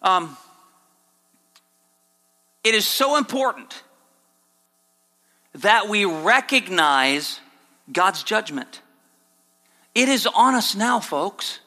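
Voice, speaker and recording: A man preaching a sermon as a pastor, dropping low and earnest, then jumping high to mock the excuses he quotes. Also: pushed and bright. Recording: long hall reverb.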